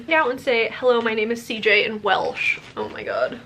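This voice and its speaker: A woman's voice: fairly high pitch, big pitch swings, bright, forceful tone, a little hiss or hum. Gushing young woman book vlogger. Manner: chatty and gushing, quick asides. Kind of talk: casual vlog Q&A and book unboxing.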